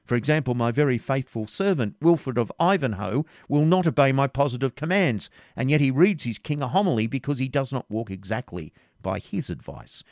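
A man's voice: mid-range voice, lively intonation, normal speed, a little mellow, dry recording, clean studio sound, lightly acted. A man reading aloud, voicing a bold, jesting medieval king with a hearty, commanding manner. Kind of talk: audiobook reading.

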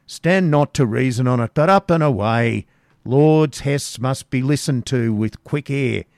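A man voicing a gruff, mocking man-at-arms who taunts loudly in a storybook reading. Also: medium pitch, a little slow, dry recording, clean studio sound, close to an everyday voice. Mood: taunting. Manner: loud, taunting.

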